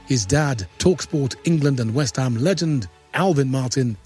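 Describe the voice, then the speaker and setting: A man narrates a sports documentary from a script. His delivery is measured and dramatic, and faint music sits underneath. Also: medium pitch, a little mellow. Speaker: documentary presenter.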